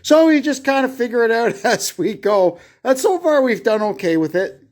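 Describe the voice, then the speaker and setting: This man's voice is very high, animated, and a little mellow. Working in his garage, he casually narrates a brake lathe repair step by step, thinking out loud and pausing with fillers, while a nearby propped-up phone records him.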